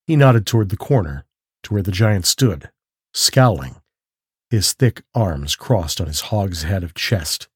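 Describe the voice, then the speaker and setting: A man narrating a calm bedtime mystery story and leading a guided breathing exercise, in a slow, soothing, measured voice. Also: sits low, husky, no room sound, clean studio sound.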